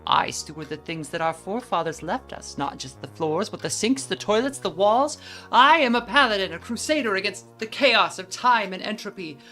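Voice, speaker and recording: A woman's voice: low voice, moderate pace, a bit bright, faint music behind. A woman voicing a burly, grandiose male janitor who treats cleaning as a holy duty, reading game dialogue aloud in a pompous, declaiming way. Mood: fervent.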